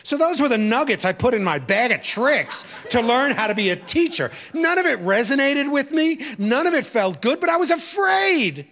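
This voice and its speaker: A former teacher and religious brother tells a personal story in an animated, emphatic way, acting out the voices of the people in it. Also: male voice, extremely high pitch, normal speed, few pauses. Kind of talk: storytelling talk.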